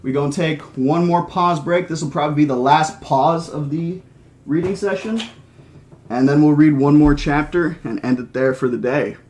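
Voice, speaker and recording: A man reading a novel aloud on a live stream, with plain, steady narration and casual asides to his viewers. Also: fairly high pitch, normal speed. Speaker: audiobook reader and streamer.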